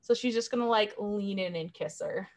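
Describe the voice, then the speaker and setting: A woman's voice: medium pitch, moderate pace. A woman playing a tabletop game, dry and matter-of-fact in manner. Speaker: player.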